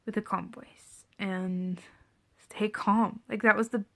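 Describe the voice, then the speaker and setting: A candid pregnant young woman recounts a hard evening straight to camera in a relaxed, conversational way. Her voice sits at an ordinary middle pitch, and she often sinks into a soft, breathy near whisper before lifting back up. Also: takes it slowly. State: seven and a half months pregnant. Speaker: parenting vlogger. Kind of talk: casual storytelling to camera.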